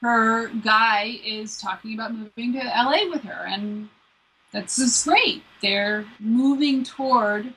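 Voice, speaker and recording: A woman's voice: on the high side, slow pace, a bit bright, husky, low-quality recording. A woman working as a relationship coach, earnestly walking through numbered advice in a conversation. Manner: earnest, lays out numbered steps, drops into playful quoted voices.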